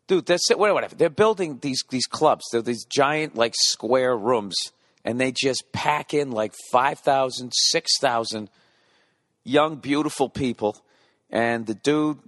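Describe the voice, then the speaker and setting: A man's voice: mid-range voice, fairly bright tone, no echo, studio quality. A man in his forties hosting a podcast in a rambling comedic monologue, swearing freely, mimicking club beats with his mouth and heckling himself in asides. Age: 40s. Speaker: podcast host.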